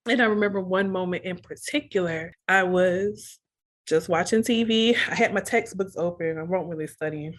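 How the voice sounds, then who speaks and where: A woman's voice: medium pitch, normal speed. A young woman, a podcast guest, telling a personal story in a candid, earnest way and repeating phrases when emotions rise.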